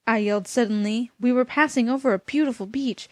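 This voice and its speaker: A woman's voice: mid-range voice, fairly quick, few pauses, dry recording. A woman reading a comic fan fiction aloud, mocking it and stopping to comment. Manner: mocking, breaks off to laugh and comment.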